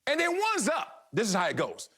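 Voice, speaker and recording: A man's voice: wildly swooping pitch, a little fast, bright, forceful tone, slightly rough. A middle-aged man hosting a sports debate show, acting out other people's voices as he argues. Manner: acts out other people's voices with shifting pitch and laughs.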